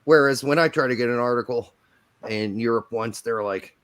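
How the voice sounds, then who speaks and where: A man's voice: medium pitch, moderate pace. A man hosting a sports podcast, joking and teasing his guests in casual chat. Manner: jokey, animated, teasing. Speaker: podcast host.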